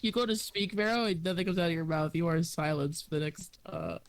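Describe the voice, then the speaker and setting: A woman's voice: lowish voice, fairly quick. A woman narrating as game master of a tabletop game, in a teasing, casual way with many fillers.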